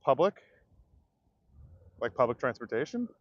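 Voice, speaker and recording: A man's voice: medium pitch, very animated, a little slow, dull audio. A man livestreaming outdoors, ranting to his viewers in a profane, direct way. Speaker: comedian livestreamer. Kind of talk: livestream rant to chat.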